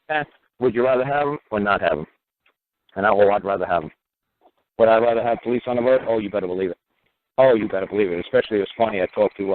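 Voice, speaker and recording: A man hosting a radio talk show, rambling and profane, who keeps repeating "you know what". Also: mid-range voice. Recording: narrow phone-like radio audio.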